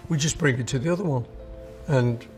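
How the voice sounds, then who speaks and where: A man's voice: mid-range voice, fairly quick, faint music behind. An older man from England, telling anecdotes in an interview and acting out the voices of people he quotes. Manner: acts out quoted voices in his stories. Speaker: musician interviewee.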